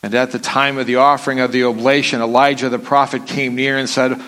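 A man's voice: mid-range voice, little pitch movement, brisk, hardly any pauses, sharp tone. A man preaching a sermon, reading scripture aloud with dramatic rises and falls.

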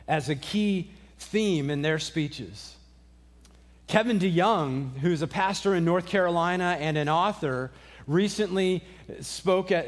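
A middle-aged pastor giving a sermon in a loose, conversational way, with frequent restarts and dry asides. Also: male voice, fairly high pitch.

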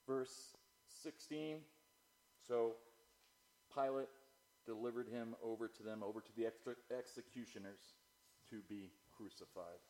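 A man preaching a sermon, moving from loud, declaiming passages to low, quiet asides as he reads and explains scripture. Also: unhurried, low-quality recording. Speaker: pastor.

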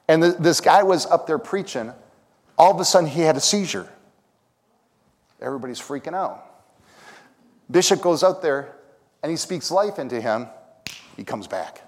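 A man preaching a sermon, telling stories, singing lines of worship songs and building to shouted calls. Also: medium pitch. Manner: storytelling, sings lines of songs, rises to shouts. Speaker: pastor. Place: church sanctuary. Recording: long hall reverb.

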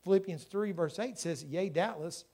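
Male pastor, high voice, fervent sermon, storytelling. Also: normal speed, vocal fry, breathy edge. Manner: storytelling preacher, voices quoted people, builds to fervent loud passages.

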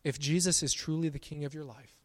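A pastor preaching a sermon, emphatic on his declarations and softer on quiet asides. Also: on the high side, fairly even intonation, brisk. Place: church sanctuary. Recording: long church reverb.

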